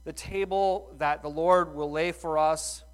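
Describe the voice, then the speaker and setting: Middle-aged guy preaching a sermon, folksy, lots of rhetorical questions, kinda high voice. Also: fairly even intonation, unhurried, clear, resonant tone. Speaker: pastor.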